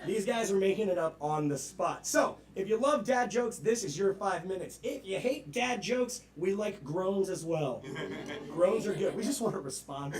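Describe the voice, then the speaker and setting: A man hosting a live improv comedy show on stage, chatty and playful. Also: sits high. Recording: echoey stage from a distance with crowd. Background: audience.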